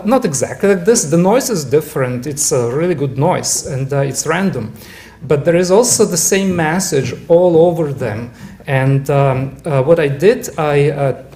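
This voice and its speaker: Halting man giving a club talk. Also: a little high, darkish tone. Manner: halting, many fillers and restarts. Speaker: club presenter. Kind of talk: casual club presentation. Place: club meeting room.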